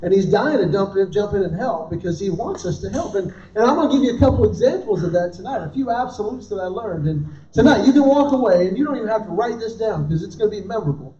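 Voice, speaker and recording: Guy in his 50s doing stand-up in a big echoey hall, mic kinda far and muffled, mellow tone. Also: sits high, quick pace, few pauses. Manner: animated storytelling, acting out quoted dialogue. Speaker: comedian. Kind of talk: stand-up comedy at a church event. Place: large hall before a live audience. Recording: roomy, distant, dull hall recording.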